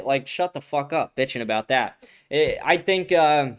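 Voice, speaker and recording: A man's voice: fairly high pitch, animated, normal speed, clear, resonant tone. A man hosting a casual livestream news show, reacting to chat with blunt, profane, filler-heavy talk and frequent restarts. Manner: ranting, talks in restarts.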